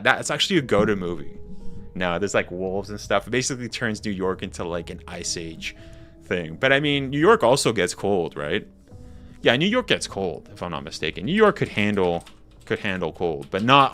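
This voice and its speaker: Casting: young man from Canada, lowish, bright, loose chatty streamer patter over faint music. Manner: chatty, reads chat aloud, slangy and rambling. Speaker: game streamer. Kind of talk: casual live-stream chat.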